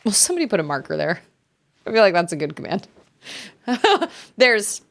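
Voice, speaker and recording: A young woman streaming a video game and chatting casually with her viewers, giggling often and greeting them in high, bright bursts. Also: animated, moderate pace, gravelly. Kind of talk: casual live-stream chat.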